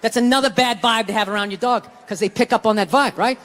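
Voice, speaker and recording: A male stand-up comedian on stage, ranting and swearing with sudden shouted bursts. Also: sits high, quick pace. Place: large comedy venue on stage. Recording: live hall with loud audience. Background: audience laughter.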